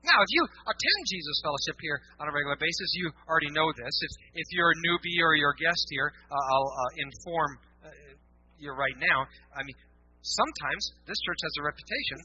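A man preaching a sermon to his church in a casual, animated way, slipping into mock voices to make his points. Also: fairly high pitch, a little fast, breathy edge. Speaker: pastor. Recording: dull lo-fi church recording.

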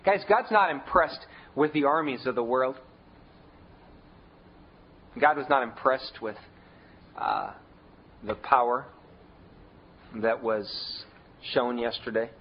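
A man preaching a sermon in a conversational way, leaning hard on key words with big shifts in pitch and volume. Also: slow, long pauses, muffled recording, a little hiss or hum. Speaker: pastor.

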